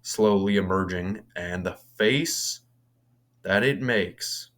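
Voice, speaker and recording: A man's voice: sits low, takes it slowly, fairly bright tone. A young man casually recapping a horror film, rambling with many restarts and casual swearing. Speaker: movie reviewer.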